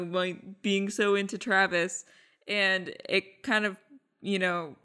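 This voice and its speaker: A woman hosting a podcast, chatting casually through an episode recap and acting out quoted lines. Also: pushed and bright. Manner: chatty, acts out lines with pitch jumps. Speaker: podcast host.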